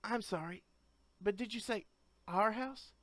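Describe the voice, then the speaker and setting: A man voicing Christy, a gentle young woman with amnesia, speaking softly and tenderly. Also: sits high, a little slow, dry recording, pitched above the performer's own voice. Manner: soft and tender.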